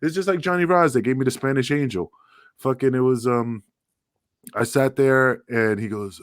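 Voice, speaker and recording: A man's voice: mid-range voice, normal speed, no room sound, clean studio sound. A man co-hosting a casual podcast, rambling through stories, swearing freely and acting out quotes. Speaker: podcast co-host, former wrestler.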